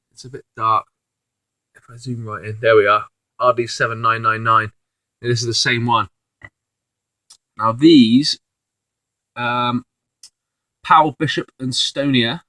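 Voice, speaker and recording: A man chatting loosely at his desk in front of a computer screen, drifting through ums and restarts as he shows off his resale finds. The sound is close and dry, with no room echo. His pitch sits at an ordinary middle height. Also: sharp tone. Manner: rambling, with many fillers and restarts. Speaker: reseller vlogger. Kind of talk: casual video commentary.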